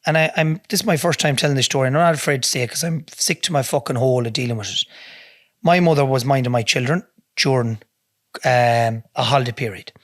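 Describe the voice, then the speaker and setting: A man's voice: mid-range voice, fast, a bit bright, no room sound, studio quality. Blunt, swearing Irish man. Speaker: podcast guest, businessman. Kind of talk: casual storytelling. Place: podcast studio.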